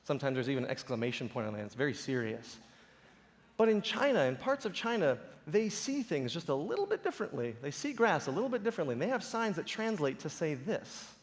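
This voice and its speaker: A man's voice: a little high, big pitch swings, fast, in a large hall. A man giving a conference talk to a live audience, telling stories animatedly with playful impressions. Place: large auditorium stage.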